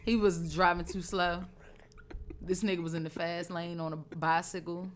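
A woman co-hosting a podcast, telling a story in a casual, profane, animated way. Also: fairly low pitch, normal speed. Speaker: podcast co-host. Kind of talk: casual chat.

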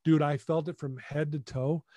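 Guy telling his story on a podcast, kinda high voice but mellow, super animated, dry close sound. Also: moderate pace, no echo. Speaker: podcast guest. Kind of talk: personal storytelling.

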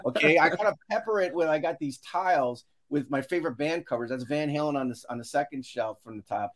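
A man's voice: a little high, a little fast. A man speaking as a guest in a casual interview over a video call, telling stories with many restarts and acting out what others said. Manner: animated storyteller, acts out quotes, many restarts. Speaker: podcast guest, education consultant. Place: home office with shelves.

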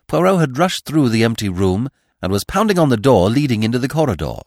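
A man narrating a classic story in measured, scripted audiobook style. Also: medium pitch, very animated, darkish tone, no echo, studio quality. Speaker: podcast narrator.

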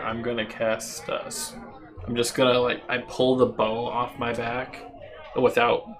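A man's voice: mid-range voice, background noise. A man playing a tabletop game, describing his moves hesitantly with lots of ums and likes. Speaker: player. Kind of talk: casual tabletop play.

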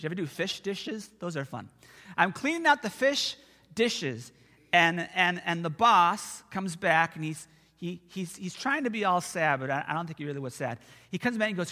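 Guy pastor preaching, bright and bouncy, lots of ups and downs, big echoey church hall. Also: sits high. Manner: conversational storytelling, animated and expressive. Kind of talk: sermon with personal stories. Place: church sanctuary. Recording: long church hall reverb.

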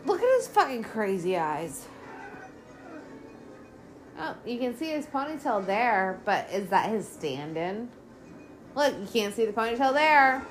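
Animated, profane woman ranting at a movie. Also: fairly high pitch, unhurried, pauses often, soft background music. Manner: profane, exasperated, sarcastic ranting. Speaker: podcast host. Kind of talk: casual movie commentary.

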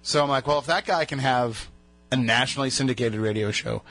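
Chatty New radio host. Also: male voice, medium pitch, brisk, a bit bright. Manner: chatty, rambling storyteller. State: recovering from a lost voice. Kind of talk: casual radio banter.

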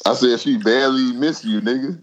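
A man's voice: medium pitch, a little fast, low-quality recording. A man teasing his friends in casual chat. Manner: teasing, chiming in with jokes.

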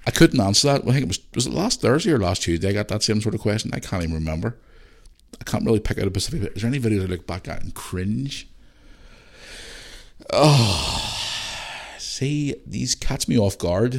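A man's voice: on the low side, lively intonation, fairly quick, vocal fry. A man with a Northern Irish Belfast accent hosting a podcast and chatting casually, rambling with lots of restarts and the odd swear. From Northern Ireland. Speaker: podcast host. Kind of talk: casual solo podcast chat.

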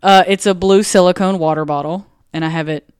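A woman's voice: fairly low pitch, steady tone, fairly quick, a little mellow, clean tone, no room sound, studio quality. A woman co-hosting a podcast in casual chat, blunt and teasing. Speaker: podcast co-host.

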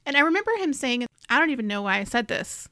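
Female podcast co-host, gravelly voice, animated casual delivery, dry sound. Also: on the high side, fast talker, no room sound. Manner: animated, laughs easily, swears casually. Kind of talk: casual book discussion.

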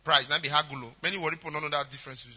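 A Nigerian man preaching a storytelling sermon, animated, sliding into pidgin and acting out voices. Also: on the high side, racing. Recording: echoey hall.

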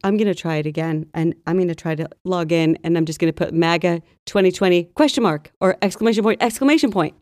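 A woman's voice: lowish voice, quick pace, hardly any pauses, a little mellow, dry recording. Chatty woman podcaster, dry close sound. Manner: chatty, gossipy storytelling. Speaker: podcast co-host. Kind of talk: casual chat.

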